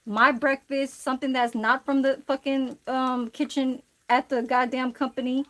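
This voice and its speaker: Woman livestreaming from her kitchen, loose and profane, chatting to viewers, voice a touch high. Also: little pitch movement, normal speed, a bit bright. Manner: rambling, profane storytelling to chat. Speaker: livestream cook. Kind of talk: casual livestream chat while cooking.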